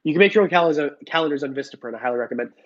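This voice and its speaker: Young man, casual livestream host, reads chat aloud, joking, slightly high voice, muffled lo-fi audio. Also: lively intonation, very fast. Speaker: reptile channel host answering live chat. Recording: dull lo-fi stream audio.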